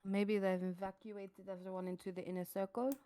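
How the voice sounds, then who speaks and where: A woman's voice: medium pitch, little pitch movement, warm tone. Playful woman player at a tabletop game. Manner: playful, speaks in character with quick asides. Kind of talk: casual tabletop role-play.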